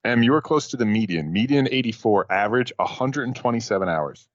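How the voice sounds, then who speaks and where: A man's voice: mid-range voice, animated, fairly quick. A man co-hosting a casual podcast chat, laid-back and quizzing the others. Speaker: podcast co-host. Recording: dull lo-fi recording.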